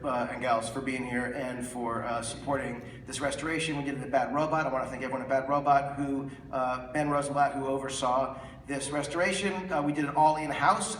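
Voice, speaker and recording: A man's voice: medium pitch, fairly bright tone. A man introducing a film to a theater audience, talking casually with many fillers and restarts. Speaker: filmmaker introducing a screening. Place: large cinema theater. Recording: echoey room, far from the mic, some noise.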